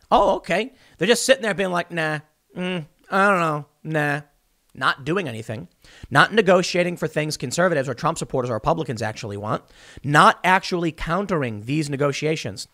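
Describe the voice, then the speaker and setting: Animated sarcastic male commentator. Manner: sarcastic, mocks opponents in high put-on voices. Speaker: political commentator. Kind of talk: solo political commentary.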